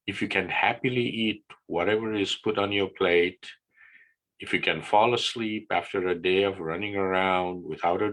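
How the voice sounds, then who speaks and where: An older man talks on a video call in a relaxed, casual presentation, often pausing for "right?". His voice is bright and on the lower side. He speaks slowly and unhurriedly. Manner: relaxed teaching talk with frequent "right?" checks. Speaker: wellness guest speaker. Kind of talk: casual presentation on an online class.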